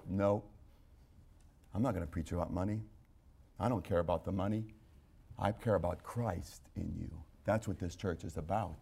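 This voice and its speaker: A male pastor preaching a sermon, moving from quiet, low asides up to loud, shouted peaks. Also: measured pace, gravelly, pauses often, breathy edge.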